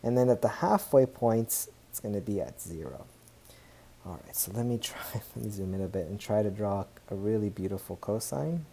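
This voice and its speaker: Math teacher, man, very dark mellow tone, talky, self-correcting, upbeat. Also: lowish voice, normal speed, vocal fry, a little hiss or hum. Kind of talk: recorded tablet math lesson.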